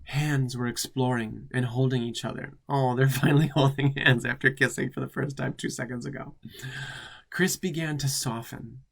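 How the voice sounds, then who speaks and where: A drag queen host reads fan fiction in a campy, comedic style, dropping sassy asides as commentary. The man's voice is medium in pitch and creaky, with a steady tone and a moderate pace.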